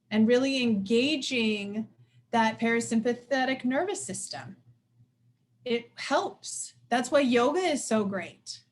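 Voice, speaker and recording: A woman in her forties presenting a relaxed workshop to a group, with a somewhat high voice. She talks quickly and animatedly, breaking into quick acted-out quotes in a higher voice. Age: 40s. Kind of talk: casual live lecture.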